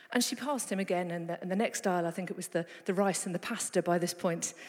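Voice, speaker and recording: A woman delivers a sermon in a church hall, her fairly high voice carrying a long reverb around her. She tells stories with an animated, playful manner, throwing in asides to the congregation. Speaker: preacher.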